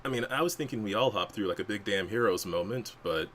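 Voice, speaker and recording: A man playing a tabletop game, casual and energetic, slipping into in-character banter. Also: fairly low pitch, quick pace. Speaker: player.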